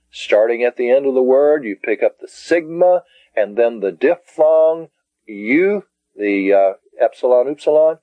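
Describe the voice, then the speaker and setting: A man lecturing on Greek, taking his time and breaking each word into careful syllables. His voice sits at a middle pitch and is close and dry. The recording sounds dull and lo-fi. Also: no echo. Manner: slow and deliberate, sounding out syllables. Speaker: Greek teacher. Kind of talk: classroom lecture.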